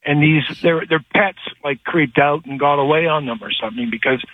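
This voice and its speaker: A man calling in to a radio show, telling a story in a rambling, animated way with many restarts, heard over a phone line. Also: fairly high pitch, a little fast, no echo. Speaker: caller. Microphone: telephone.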